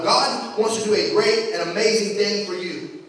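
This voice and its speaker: Young pastor preaching, really high voice, lots of echo bouncing around the church. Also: male voice, animated, fairly quick, fairly bright tone. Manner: preaching with rising fervor and repeated refrains. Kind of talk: sermon. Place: large echoey church sanctuary. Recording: echoey hall, voice from far off.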